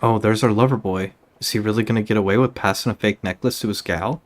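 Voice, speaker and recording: A man with a lowish voice makes wry asides while playing through a video game. He talks in a relaxed, joking way. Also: quick pace, hardly any pauses. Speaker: let's play gamer. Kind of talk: casual gaming commentary.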